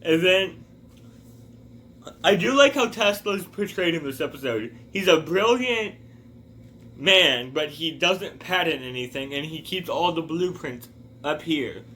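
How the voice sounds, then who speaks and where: A man's voice: fairly high pitch, lively intonation, a little slow, pushed and bright, a little hiss or hum. A man talking casually in a rambling review, wandering off on tangents. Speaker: video reviewer.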